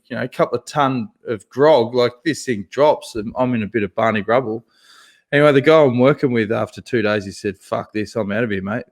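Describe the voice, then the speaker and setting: A man co-hosting a podcast, telling a long story in a lively, profane way and laughing as he goes. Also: medium pitch. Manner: animated, swears freely, laughs through his own story. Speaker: podcast co-host. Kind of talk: casual storytelling chat.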